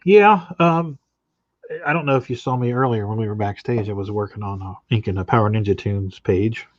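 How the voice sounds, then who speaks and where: Guy with a lowish voice rambling about his art, um-ing a lot, dull dry stream audio. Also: fairly quick, no echo. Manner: relaxed, rambling with many fillers. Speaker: comic artist guest. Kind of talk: casual chat on a live stream.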